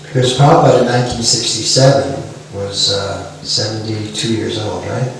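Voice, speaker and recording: A man's voice: fairly low pitch, fairly even intonation, normal speed. Middle-aged man lecturing in an echoey room. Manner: chants the mantra softly between remarks; asks the listeners questions. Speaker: devotional speaker. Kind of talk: devotional lecture with storytelling. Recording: echoey room, far from mic, faint hiss.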